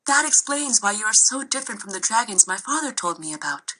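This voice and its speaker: A woman's voice: medium pitch, big pitch swings, brisk. A woman voicing a kind, practical young girl who speaks in a reassuring way in a storybook reading. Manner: warm, reassuring.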